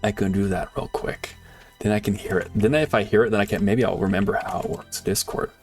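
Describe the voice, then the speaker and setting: A man streaming a game live, chatting casually with viewers and swinging from excited shouts to quiet muttering. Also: fairly low pitch, fairly quick, faint music behind. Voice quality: animated, laughs often, jumps between excited shouts and quiet muttering.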